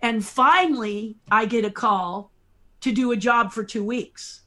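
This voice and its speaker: Animated storytelling woman, higher voice. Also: a little slow. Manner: animated, laughs often, lively anecdotes. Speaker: podcast guest, puppeteer. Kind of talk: storytelling chat.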